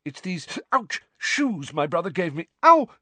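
Man putting on a panicked young wizard, very high yelping voice, frantic, dry close sound. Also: big pitch swings, a little slow, pushed and bright, husky, no echo, exaggerated voice. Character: young male wizard hopping in pain.

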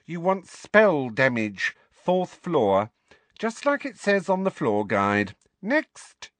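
A bored receptionist witch snaps out short, dismissive answers, as a man puts her on. Her voice sits a little higher than his own and stays flat with irritation. The sound is dry and close. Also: slow, dry recording, heavily acted. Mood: curt.

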